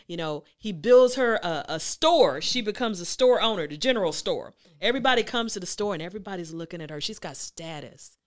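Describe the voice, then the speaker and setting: A woman hosting a motivational talk, telling a story in a chatty, emphatic, animated way. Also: medium pitch, brisk, hardly any pauses. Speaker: host.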